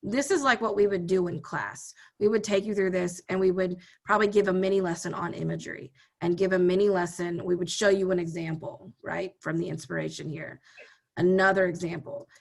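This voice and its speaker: A woman teacher explaining a brainstorming worksheet and mini lessons to students in a steady, guiding way. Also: fairly low pitch, brisk, gravelly. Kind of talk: recorded online lesson.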